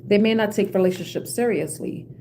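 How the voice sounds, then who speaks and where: A woman's voice: mid-range voice, fairly quick, creaky, mellow, a little hiss or hum. Chatty woman giving a tarot reading. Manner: chatty, laughs often, says "you know" a lot. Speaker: tarot reader. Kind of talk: casual collective tarot reading.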